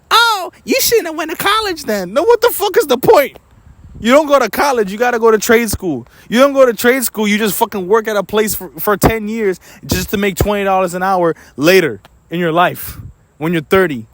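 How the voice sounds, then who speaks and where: A man's voice: high-pitched, dry recording. A young man ranting in an angry, profane monologue for his vlog, sometimes mocking others in put-on voices. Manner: angry, profane, rapid-fire complaining. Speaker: vlogger.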